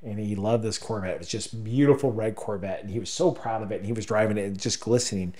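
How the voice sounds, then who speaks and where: A man co-hosting a podcast, telling a story in halting, emotional casual talk, choked up at times. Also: lowish voice, warm tone. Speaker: podcast co-host. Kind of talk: casual conversation.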